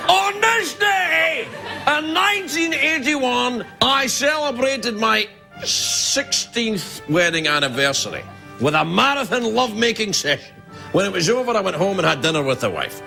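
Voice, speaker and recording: A smug, boastful aging movie star, as a talk-show host puts him on, speaking in a very high, gravelly voice. Each line comes out slow and self-satisfied, in a sharp, bright tone. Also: male voice, expressive, soft background music, heavily acted. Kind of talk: comic celebrity impression.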